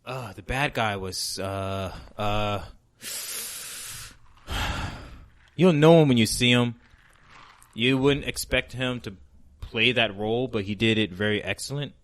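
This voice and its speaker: A man's voice: medium pitch, takes it slowly, long pauses, a bit bright. A male podcast host in casual comedy chat. He rambles and stalls with filler words while searching for names. When he gets going he swears freely and rants. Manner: rambling, profane, with many ums and searching for names.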